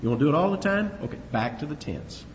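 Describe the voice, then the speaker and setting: A man preaching an animated Bible sermon in a fairly high voice that leaps up for emphasis. His pitch swings widely as he drives home each point. The sound is dull and slightly hissy, with a long hall reverb. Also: fast talker. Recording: dull reverberant hall recording with faint hiss.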